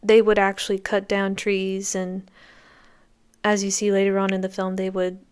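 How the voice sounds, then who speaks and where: A woman's voice: mid-range voice, monotone, moderate pace, darkish tone, clear, resonant tone. A woman hosting a podcast, giving enthusiastic, conversational commentary as she reacts to a film. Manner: enthusiastic, conversational, reacting to scenes as they play. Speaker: podcast host.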